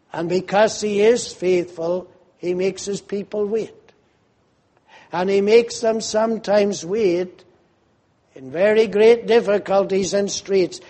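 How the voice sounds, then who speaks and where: A man preaching a fervent sermon, slow and emphatic, rising to loud cries when quoting pleas to God. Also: high-pitched.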